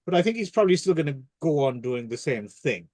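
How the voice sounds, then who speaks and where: A man's voice: on the high side, very animated, fast talker, darkish tone, no room sound. A man co-hosting a casual film podcast, rambling and joking through crude anecdotes. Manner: rambling, jokey, tells crude anecdotes with restarts. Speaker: podcast co-host.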